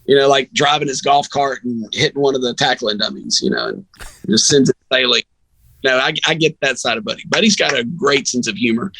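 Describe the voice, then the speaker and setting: A man, a sports radio announcer, telling a long story in an animated, chatty way as a podcast guest. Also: mid-range voice, fairly quick, creaky, breathy edge, poor audio. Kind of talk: casual storytelling.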